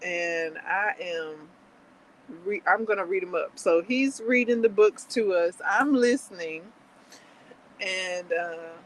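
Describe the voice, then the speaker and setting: A woman's voice: lowish voice, takes it slowly, slight background noise, low-quality recording. A woman hosting a livestream in casual chat, giggly and rambling with lots of fillers. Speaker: livestream host.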